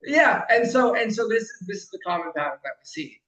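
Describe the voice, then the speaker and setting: A man coaching a client in casual conversation, emphatic and animated, swearing freely and acting out quotes loudly. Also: sits high, a little fast, reverberant, highs cut off. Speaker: life coach.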